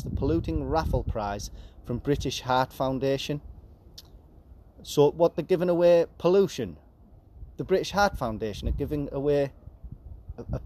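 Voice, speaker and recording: A man in his forties hosting a casual podcast, reading news headlines aloud with deadpan, sarcastic asides. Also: mid-range voice, slight background noise. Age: 40s. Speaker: podcast host.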